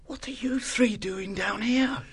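High-pitched young boy mouse, polite and eager, storybook. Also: unhurried, slightly rough, full character voice. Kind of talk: audiobook reading.

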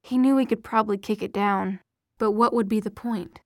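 A woman's voice: medium pitch, fairly even intonation, normal speed, dry recording. Woman narrating an audiobook, dry sound.

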